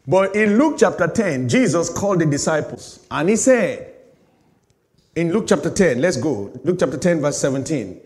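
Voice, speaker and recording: A man delivering a sermon as pastor, swinging between loud, high bursts and low, slow emphasis. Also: expressive. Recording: long hall reverb.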